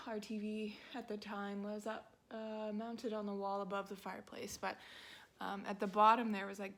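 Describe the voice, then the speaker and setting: Girl in her 20s rambling about books, says like a lot, mutters little asides, average pitch. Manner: rambling, heavy use of "like", quiet muttered asides. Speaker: book vlogger. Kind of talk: casual chat.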